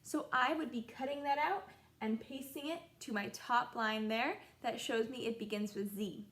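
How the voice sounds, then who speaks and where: A young woman teaching a children's phonics lesson, sounding out letters in a slow, encouraging sing-song way. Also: fairly high pitch, a bit bright. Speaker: kindergarten teacher.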